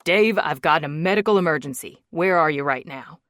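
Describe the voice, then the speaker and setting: A woman reading an audiobook, voicing a protective wealthy young man who talks in a steady, firm way. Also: brisk, no echo, clean studio sound. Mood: urgent. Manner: steady, low-key, firm. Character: protective rich young man, calm and determined.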